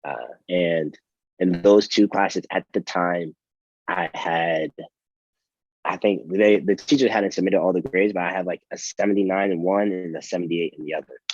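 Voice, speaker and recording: A young man with a very low voice tells a story in a casual interview, rambling and restarting his sentences with plenty of fillers. The sound is dry and a little dull, with no room echo. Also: fairly even intonation, moderate pace, darkish tone. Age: young adult. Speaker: college athlete guest.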